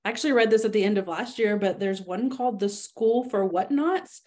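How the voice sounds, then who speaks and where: A woman's voice: medium pitch, moderate pace, warm tone. Woman guest giving a book summary. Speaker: guest librarian. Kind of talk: casual book talk.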